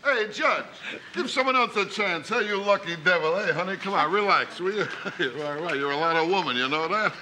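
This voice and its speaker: An actor playing a loud, wisecracking rich older man in a film comedy. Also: high voice, animated, brisk, noisy background. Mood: joking. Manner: wisecracking, brassy. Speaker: film character.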